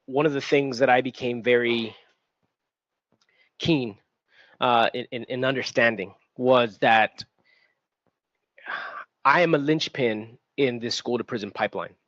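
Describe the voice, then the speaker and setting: A man's voice: mid-range voice, a little slow, long pauses, no room sound, dull audio. A middle-aged man from Texas, a school administrator, speaking on a panel in an earnest, reflective way with restarts. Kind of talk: panel talk, personal testimony. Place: event venue.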